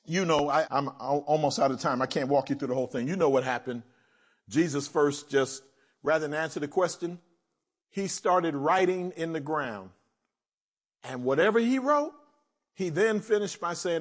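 A male pastor preaching with a high, lively voice that leaps up and drops low. He swings from near-shouted emphasis to hushed asides. The delivery is animated sermon preaching. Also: unhurried.

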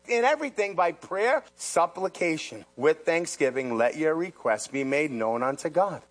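A male pastor preaching a sermon in an animated, emphatic way, often repeating his phrases. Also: on the high side, normal speed, few pauses, faint music behind.

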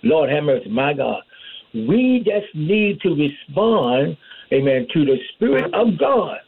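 A man delivers a fervent sermon in a high, husky voice, punctuating his points with amen and hallelujah. The sound is tinny and narrow, like a phone-line radio broadcast. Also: big pitch swings, slow. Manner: call-and-response preaching, repeats amen and hallelujah. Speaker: preacher.

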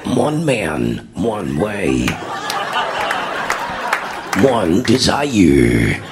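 A man voicing a dramatic male movie trailer announcer with a gravelly voice. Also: low-pitched, huge pitch swings, extremely slow, exaggerated voice. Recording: loud crowd and noise.

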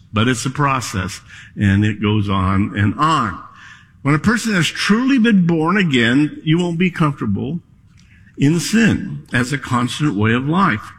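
A male pastor preaching a sermon in a church, slow and deliberate, leaning on key words. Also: mid-range voice, husky. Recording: long hall reverb.

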